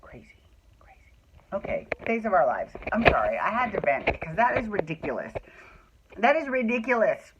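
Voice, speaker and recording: A woman's voice: medium pitch, very animated, brisk, lo-fi sound, background noise. A woman hosting a soap opera recap podcast, chatting casually at home, swearing freely and ranting with exasperation. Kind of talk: casual venting chat. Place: at home indoors.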